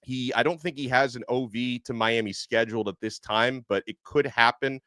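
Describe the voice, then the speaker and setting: A man hosting a casual sports podcast, talking in a chatty, animated way with plenty of fillers. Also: mid-range voice, moderate pace, dry recording. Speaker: podcast host. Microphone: headset earpiece.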